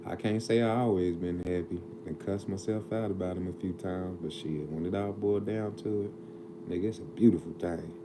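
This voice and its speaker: Middle-aged male streamer, very low voice, earnest fatherly talk, steady background noise. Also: brisk. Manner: earnest, preachy, drawling street slang. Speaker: livestream host. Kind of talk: casual livestream talk. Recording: noisy background.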